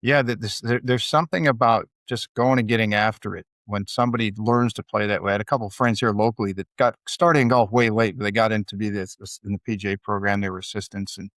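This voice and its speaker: A man's voice: on the low side, fairly even intonation, quick pace, few pauses, a bit bright, dry recording. A man hosting a podcast who talks casually, often stumbling and repeating words as he thinks aloud. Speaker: podcast host.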